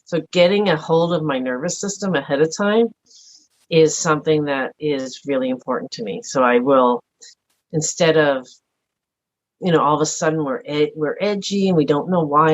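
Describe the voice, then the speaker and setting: A middle-aged woman with a deep voice talks earnestly and softly as a podcast guest, thinking aloud in a reflective personal conversation. The recording has a dull, lo-fi quality.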